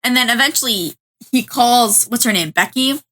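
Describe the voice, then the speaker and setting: A woman with a bright, crisp tone recaps anime episodes in a relaxed podcast chat. She tells the story eagerly, stumbling over repeated words as she goes. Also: a little high, moderate pace. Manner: lively storytelling with repeated "like" and restarts. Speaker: podcast co-host.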